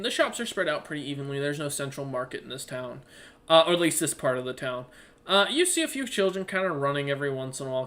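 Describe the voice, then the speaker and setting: A man running a tabletop game as game master, narrating scenes in a relaxed, rambling way. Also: a little high.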